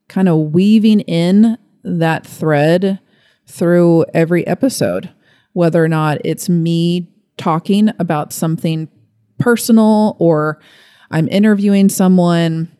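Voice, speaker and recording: A young adult woman hosting her own wellness podcast, talking in a gentle, earnest way with open excitement. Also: fairly low pitch, clear, resonant tone, no echo. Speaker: podcast host. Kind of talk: casual solo podcast talk. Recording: dry close recording with faint music.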